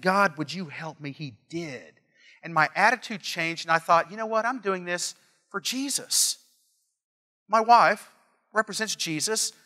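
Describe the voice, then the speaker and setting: Male pastor, middle-aged, bright slightly high voice, emphatic and repetitive sermon delivery. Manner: earnest, emphatic, repeats phrases, storytelling asides.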